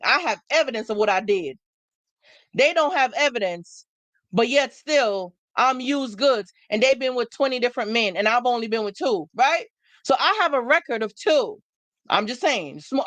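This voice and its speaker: A woman hosts a live stream and lectures her viewers in an emphatic, preachy way, repeating her points for effect. Her voice sits fairly high. The sound is dry and close, with no room around it. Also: a bit bright, no echo. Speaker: livestream host. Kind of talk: motivational live talk to viewers.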